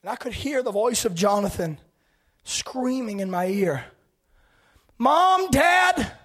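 A man preaching an impassioned sermon, swinging between fervent shouting and hushed, quiet passages. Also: high voice, normal speed.

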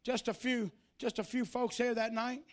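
A male preacher giving a sermon in church, moving between shouted, sing-song preaching and quieter, folksy storytelling. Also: extremely high pitch, level tone, normal speed.

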